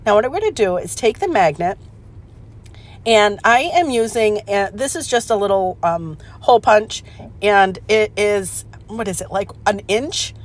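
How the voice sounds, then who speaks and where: A woman hosting a casual craft demonstration, chatty and excitable, laughing at her own mistakes and filling pauses with "um". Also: mid-range voice. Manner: chatty, excitable, self-deprecating, lots of "um". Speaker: craft channel host.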